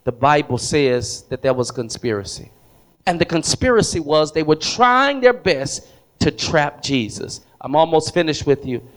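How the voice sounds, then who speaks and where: A pastor preaches to a congregation in a church hall, telling a story, repeating words, and asking the room questions. His voice is on the high side with a fairly bright tone.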